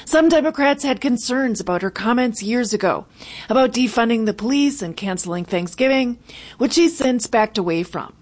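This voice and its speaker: Female station reporter, slightly high voice, brisk news read. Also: expressive.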